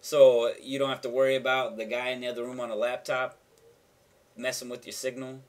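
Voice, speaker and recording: A man's voice: mid-range voice, flat delivery, a little fast. Casual rambling male gaming vlogger. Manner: rambling, loose and conversational with restarts; slangy, offhand. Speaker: gaming channel host. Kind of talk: casual tech vlog explanation.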